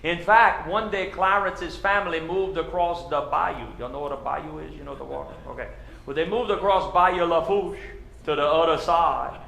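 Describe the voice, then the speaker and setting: A Cajun man spins a comic tale for a live crowd in a high, bright voice. His folksy delivery rings out in an echoey room. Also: fairly even intonation, normal speed, vocal fry, slight background noise. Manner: folksy, conversational storytelling. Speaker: comedian. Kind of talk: live stand-up storytelling.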